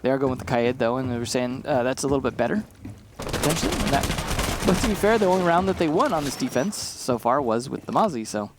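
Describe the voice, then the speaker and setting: A man's voice: medium pitch, big pitch swings, fast talker, background noise. A man giving casual, analytical color commentary on an esports match, laughing easily between points. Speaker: esports caster.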